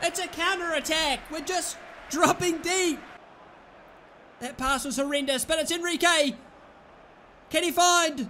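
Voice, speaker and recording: Young British man, gameplay commentator, very high voice, exasperated and shouty. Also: measured pace, long pauses, slight background noise. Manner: exasperated, yells at his players and the referee. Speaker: gaming YouTuber.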